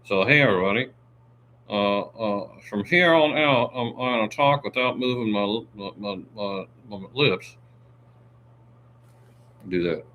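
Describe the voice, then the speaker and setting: A man with a lowish voice hosts a relaxed livestream, reading out viewer comments and joking around, laughing often and dropping plenty of fillers. A faint hum sits under his voice. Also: unhurried, long pauses. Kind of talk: casual livestream chat.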